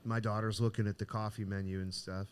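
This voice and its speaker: Man, middle-aged, low voice, lively storyteller in casual podcast chat. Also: fast, slight background noise. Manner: animated, acts out the voices in his story. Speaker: podcast co-host. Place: cigar shop.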